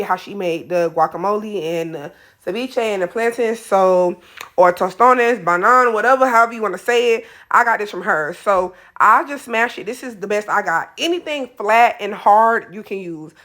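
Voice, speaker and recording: A woman's voice: medium pitch, normal speed, a bit bright. A young adult woman, chatting casually through a cooking tutorial in her home kitchen, sassy and talking straight to viewers. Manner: chatty, sassy, talks to viewers as y'all, honey, child. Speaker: cooking vlogger.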